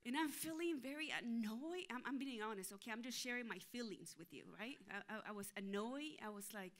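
A woman pastor preaches in a bright, ringing voice that sits a little high. She tells a story with lively energy and acts out her own thoughts and the other people in it as she goes. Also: fairly quick, few pauses. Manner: animated, acts out inner voices and quotes. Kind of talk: sermon with storytelling.

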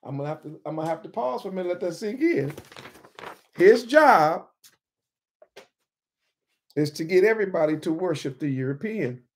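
A woman's voice: on the low side, animated, normal speed, pauses often. A woman teaching from the Bible in an informal sermon style, emphatic, repeating key words and calling on listeners by name.

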